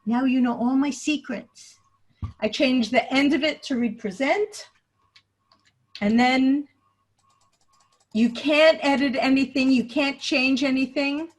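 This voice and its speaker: A woman's voice: high voice, steady tone, slow pace, long pauses. A woman leading a video-call webinar, explaining a computer task step by step and thinking aloud as she goes. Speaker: teacher trainer leading a webinar. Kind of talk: screen-share tutorial. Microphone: computer mic on a video call.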